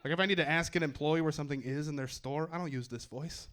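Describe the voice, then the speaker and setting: A man's voice: a little high, quick pace, fairly bright tone. A young man performing a stand-up comedy set in a wry, self-deprecating way on a club stage.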